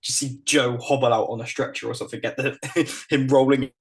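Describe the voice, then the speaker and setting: A man's voice: medium pitch, fairly even intonation, a little fast, vocal fry, breathy edge. A man co-hosting a wrestling podcast, laid-back and teasing, laughing often. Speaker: podcast co-host. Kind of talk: casual wrestling review chat.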